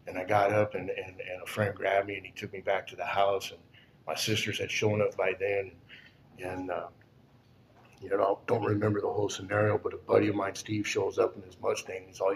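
A man in his sixties telling a personal story in a halting way, full of "and, uh", often sinking almost to a whisper. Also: low-pitched, level tone, creaky, a little hiss or hum. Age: 60s. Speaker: storyteller recounting his past. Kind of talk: personal testimony.

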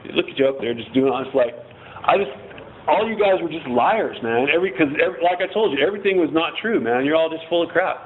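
A man's voice: on the high side, expressive, quick pace, a little hiss or hum. A man sharing his story at a recovery meeting, rambling, swearing freely and cracking self-mocking jokes. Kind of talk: casual personal share. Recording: tinny phone-like recording.

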